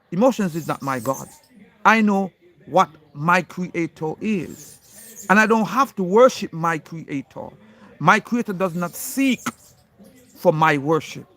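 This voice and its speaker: In a fairly high, fairly bright voice, a man gives an impassioned, insistent monologue aimed straight at an unseen critic. He's preachy and stresses single words for emphasis.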